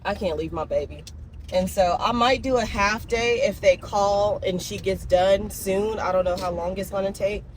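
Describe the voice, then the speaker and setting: A young woman talks straight to her viewers in a loose, emotional vlog, her pitch sitting in the middle. Faint traffic and outdoor ambience hum behind her. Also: moderate pace. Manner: chatty, emotional, talks to her dogs in baby talk. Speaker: vlogger. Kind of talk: casual vlog chat.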